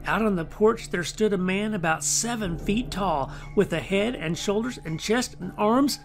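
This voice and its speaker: A man reading a children's picture book aloud, with expressive delivery and dramatic pauses. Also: sits high, faint music behind. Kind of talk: read-aloud storytelling.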